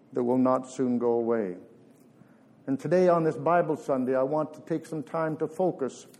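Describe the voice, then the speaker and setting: Male preacher, warm low-toned voice, earnest measured sermon delivery in a church. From Canada.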